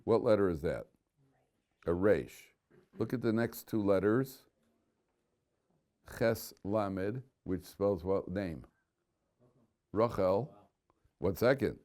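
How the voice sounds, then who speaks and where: A man's voice: fairly low pitch, lively intonation, takes it slowly, long pauses, a little mellow. A man giving an informal Torah class, a chatty storyteller who chuckles at his own punchlines. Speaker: rabbi teaching a Torah class. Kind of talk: informal Torah lecture with stories.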